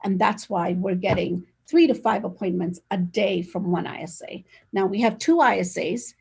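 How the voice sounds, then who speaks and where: A woman's voice: mid-range voice, moderate pace, vocal fry, darkish tone, breathy edge. A woman speaking energetically and directly as an interview guest, talking over a video call. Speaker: real estate agent, guest. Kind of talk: casual conversational interview.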